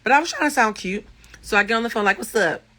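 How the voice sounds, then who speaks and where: Raspy, bright-voiced man on a livestream. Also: very high-pitched, rapid-fire. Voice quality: thick, raspy voice. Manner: animated storyteller, swears freely. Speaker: life coach and tarot reader. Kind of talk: casual livestream talk to viewers.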